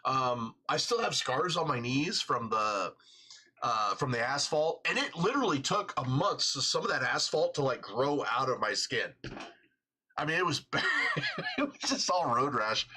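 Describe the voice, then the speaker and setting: A man in a casual chat, telling a long story in an animated way, laughing often and swearing freely, with a husky voice. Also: medium pitch, moderate pace, slight background noise.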